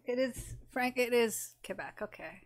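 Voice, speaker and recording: A woman's voice: on the high side, a little slow, crowd noise. A woman co-commenting on a game in casual chat, making wry, skeptical remarks. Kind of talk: casual let's-play chat.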